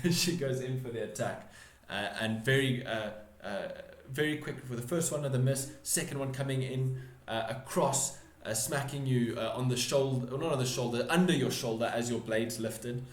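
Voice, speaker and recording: A man's voice: mid-range voice, moderate pace, hardly any pauses, echoey room. A man running a tabletop game as game master, narrating combat with many restarts and self-corrections.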